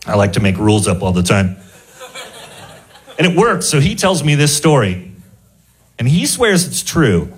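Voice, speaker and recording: Male comic, middle pitch, loose rambling storytelling delivery. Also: sing-song, moderate pace, long pauses. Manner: rambling anecdote, chuckling at his own jokes. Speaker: stand-up comedian. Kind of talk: stand-up storytelling.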